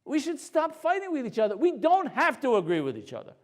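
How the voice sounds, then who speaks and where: A man, a rabbi, giving a storytelling Torah lecture to a live audience in a conversational, animated way. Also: extremely high pitch, fairly quick.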